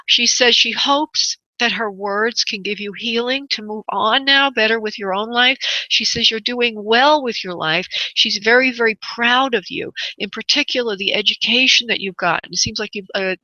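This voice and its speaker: A woman hosting a radio psychic reading, speaking in a gentle, halting, soothing way. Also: a little high, no room sound, muffled recording. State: choked up. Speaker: psychic medium radio host.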